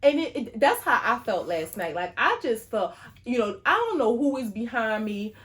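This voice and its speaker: Casting: woman podcast co-host, chatty and animated, filler-heavy casual talk. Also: fairly high pitch, normal speed. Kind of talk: casual chat.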